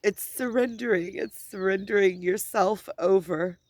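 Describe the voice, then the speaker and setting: A woman's voice: mid-range voice, measured pace, darkish tone. Tearful woman rambling through a personal monologue. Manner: rambling, repeats and restarts words. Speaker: spiritual vlogger. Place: outdoors at a scenic spot.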